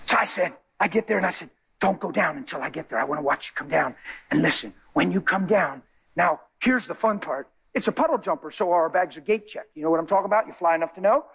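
A male preacher tells a story to his congregation with a high, husky voice. He is excitable, leaping into loud, high bursts and then dropping to low, quiet asides. His delivery is lively and unscripted, the loose storytelling of a sermon. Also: quick pace. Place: church.

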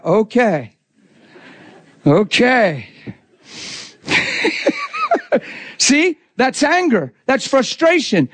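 Male preacher, very high pitch, dry close sound; intense, talky sermon delivery. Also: dry recording. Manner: intense, conversational preaching with acted-out quotes.

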